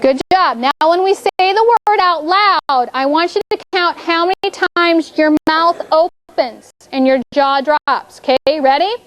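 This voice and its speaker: A woman's voice: sits high, unhurried, few pauses, a bit bright. A woman teaching a spelling lesson to a class of children, checking in often with "okay?" and giving step-by-step directions. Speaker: elementary school teacher.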